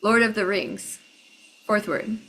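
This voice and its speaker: A woman's voice: medium pitch, fairly even intonation, slow, fairly bright tone, poor audio. A woman playing a guessing game, calling out single-word guesses one by one. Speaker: game player.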